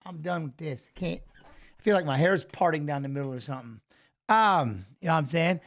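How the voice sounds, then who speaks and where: High-voiced chatty male stream host. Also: moderate pace, creaky, a bit bright. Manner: chatty, greets viewers by name, peppers talk with "you know what I'm saying". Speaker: livestream host. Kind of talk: casual live-stream chat.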